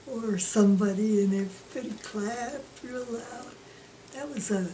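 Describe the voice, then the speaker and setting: A woman slowly recalling preschool memories in an interview, gentle and sometimes trailing into a near whisper. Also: mid-range voice. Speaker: former preschool teacher, interviewee. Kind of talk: reminiscing interview. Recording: distant mic with faint background noise.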